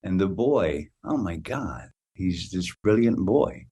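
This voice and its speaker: A man in his sixties with a very low voice talks as a podcast guest. He tells personal stories with animated energy and tends to repeat words as he starts his sentences. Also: slow pace, slightly rough. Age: 60s. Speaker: guest actor. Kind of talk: casual interview storytelling.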